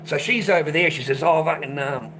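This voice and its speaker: A man's voice: on the high side, a little fast, fairly bright tone. A man ranting casually to the camera, swearing constantly and repeating himself. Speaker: vlogger. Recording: noisy background.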